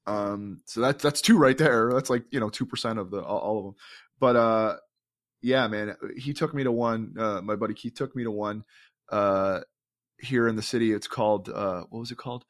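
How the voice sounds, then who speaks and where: A man with a fairly low pitch and moderate pace co-hosts a podcast, telling an enthusiastic, rambling story in casual chat, full of fillers and restarts.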